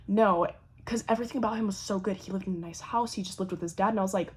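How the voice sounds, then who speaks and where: Husky young woman telling a story. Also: medium pitch, very fast. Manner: animated, swears a lot, acts out quoted voices. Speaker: vlogger. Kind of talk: casual storytelling.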